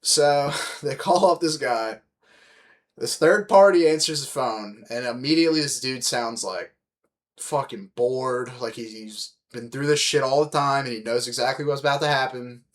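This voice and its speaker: A young man hosting a podcast, telling stories in a casual, animated, heavily profane way and calling his listeners dude. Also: medium pitch, moderate pace. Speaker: podcast host. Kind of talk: casual storytelling chat.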